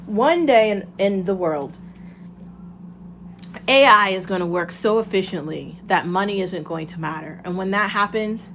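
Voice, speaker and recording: A woman's voice: medium pitch, measured pace, fairly bright tone, a little hiss or hum. A woman hosting her own show, talking through a casual motivational monologue in a candid, rambling way and swearing freely. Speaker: podcast host.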